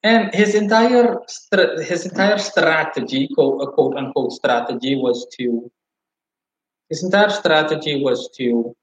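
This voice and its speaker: Speaking at a measured pace in a voice on the high side, a man recounts a lengthy story to his livestream audience in an animated way, wandering off track, cursing, and starting over. The sound is roomy and a bit dull.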